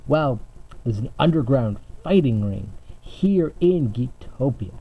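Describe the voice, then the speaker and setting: A man voicing a stern male masked ranger who speaks low, quiet and terse. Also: animated, slow pace, breathy edge, full character voice. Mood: grim. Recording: slightly muffled home recording.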